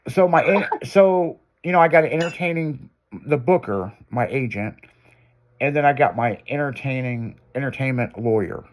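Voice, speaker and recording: A man casually telling a long anecdote, profane and animated, acting out what people said. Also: medium pitch, moderate pace. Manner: profane, animated, acts out quotes. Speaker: guest storyteller. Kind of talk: casual storytelling.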